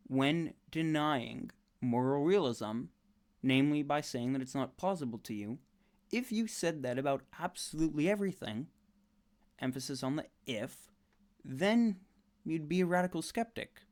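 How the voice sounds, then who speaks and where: A man's voice: medium pitch, lively intonation, a little slow. A man giving sarcastic, incredulous reaction commentary on a debate, sounding more and more exasperated.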